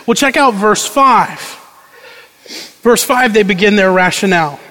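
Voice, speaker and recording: A man's voice: high-pitched, normal speed, fairly bright tone, in a large hall, poor audio. A man preaching a sermon in a conversational way, acting out quoted prayers and tossing asides to the congregation. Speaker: pastor.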